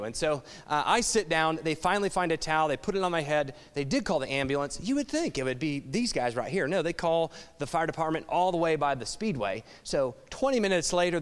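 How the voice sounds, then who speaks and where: A man's voice: on the high side, a bit bright. A middle-aged man, a pastor, telling a wry, self-mocking story in a sermon. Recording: long hall reverb.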